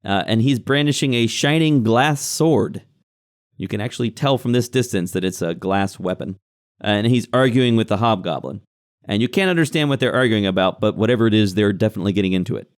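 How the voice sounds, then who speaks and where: A man's voice: lowish voice, fairly quick, smooth. A man narrating a tabletop game as game master, describing scenes with frequent fillers.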